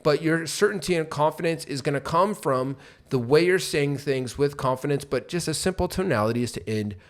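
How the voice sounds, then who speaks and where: A man co-hosting a business podcast, teaching with lively examples and acting out rising and falling tones. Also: a little high, a little fast. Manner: animated, acts out rising and falling tones to make points. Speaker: podcast co-host. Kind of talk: coaching podcast talk.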